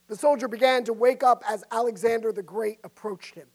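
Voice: medium pitch, fairly even intonation, fairly quick, a little mellow. A preacher delivering an emphatic sermon, often asking the congregation direct questions. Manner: emphatic, asks the audience questions.

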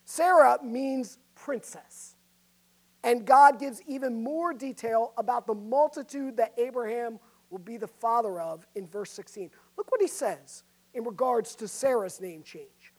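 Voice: mid-range voice, unhurried, a little mellow. A preacher delivering an emphatic sermon, often asking the congregation direct questions. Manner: emphatic, asks the audience questions.

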